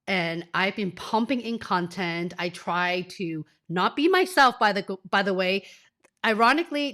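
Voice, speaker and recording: A woman's voice: mid-range voice, a bit bright. A woman in her forties hosts a live stream from a home office, speaking through a desk mic. She is under the weather, sniffly and near tears. She talks straight to her viewers in an effusive, emotional way. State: sick, sniffly, tearful. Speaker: career coach.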